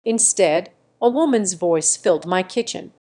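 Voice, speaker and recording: A woman narrating a scripted first-person story in a steady, measured way. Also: lowish voice.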